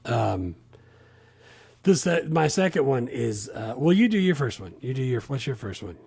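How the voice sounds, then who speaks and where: A man co-hosting a casual movie podcast, enthusiastic but often dropping low and quiet at the ends of lines. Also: sing-song, moderate pace, creaky, husky, no room sound, studio quality. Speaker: podcast co-host.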